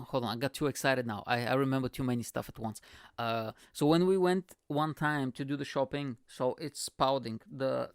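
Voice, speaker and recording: A man's voice: medium pitch, dry recording, studio quality. A man, a podcast host, telling a long casual story in English, swearing freely and laughing often. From Bulgaria. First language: Bulgarian.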